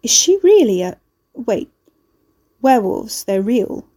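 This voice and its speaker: A woman's voice: on the high side, sing-song, fairly quick, warm tone, pitched above the performer's own voice. A woman voicing a rattled young woman who asks anxious, wary questions. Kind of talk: audiobook character voice.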